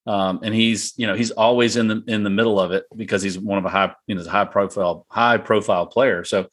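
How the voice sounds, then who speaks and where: A man's voice: on the low side, steady tone, brisk, a bit bright. A man in casual golf-talk chat, rambling with restarts and laughs. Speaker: golf podcast co-host.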